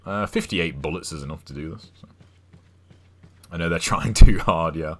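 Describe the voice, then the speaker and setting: A man's voice: low voice, normal speed, a bit bright. A young English man streaming a game, rambling and chatting casually, swearing now and then. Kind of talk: casual chat while gaming.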